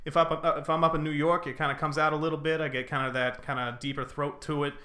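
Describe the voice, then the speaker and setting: A man's voice: a little high, little pitch movement, pushed and bright. A man from the American South co-hosting a podcast in a small studio, chatting casually and laughing easily. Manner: chatty and upbeat, quick to laugh. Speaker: podcast co-host.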